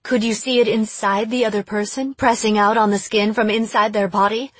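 A woman's voice: medium pitch, flat delivery, breathy edge, no echo, lightly acted. A woman voicing a mocking teenage girl who acts possessed and fires sly questions. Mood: probing. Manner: taunting, sly, rapid questioning.

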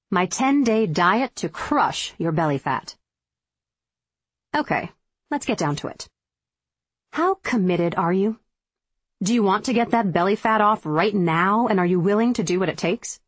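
A woman's voice: on the low side, breathy edge, no room sound. A woman reading her own diet book aloud as a firm, emphatic, motivational audiobook narration.

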